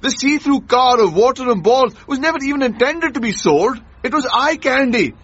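An excitable, blustering shopkeeper. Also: male voice, very high voice, moderate pace, slightly rough, heavily acted. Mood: delighted. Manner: excitable and theatrical. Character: excitable middle-aged male shopkeeper, blustering boss. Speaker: shop owner and father. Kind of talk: radio sitcom acting. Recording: dull lo-fi radio recording.

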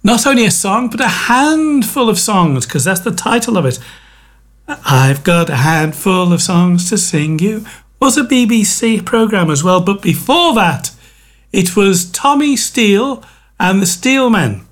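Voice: medium pitch, sing-song, unhurried. A radio presenter introducing songs in casual DJ patter, with jokey, self-mocking asides.

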